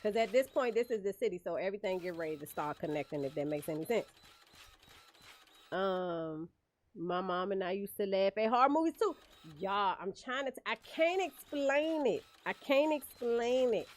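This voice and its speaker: A woman's voice: medium pitch, fairly quick. A woman streaming a game, chatting casually with viewers and laughing often. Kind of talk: casual livestream chat while gaming.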